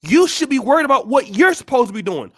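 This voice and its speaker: Male vlog host, very high voice, preachy and forceful, tough-love rant. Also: sing-song, fast talker. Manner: blunt, scolding, repeats rhetorical questions. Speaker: channel host. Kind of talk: blunt motivational monologue.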